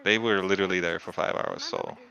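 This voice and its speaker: Bright-voiced man, not a native English speaker. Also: deep voice, steady tone, quick pace, creaky. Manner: searching for words, piling up fillers. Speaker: co-host. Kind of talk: casual chat. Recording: dull lo-fi audio.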